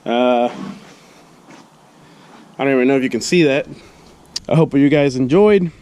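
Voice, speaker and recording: A man's voice: mid-range voice, a little slow, a little mellow, clear, resonant tone. Stuffy-nosed man narrating a casual vlog. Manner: laid-back, rambling, with frequent fillers. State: stuffy nose from a cold. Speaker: car vlogger.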